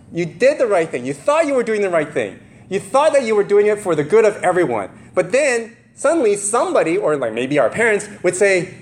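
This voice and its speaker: A man preaching a casual sermon, often acting out the people in the story in their own voices. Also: sits high. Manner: animated, voices the characters in the story; casual, many fillers and laughs.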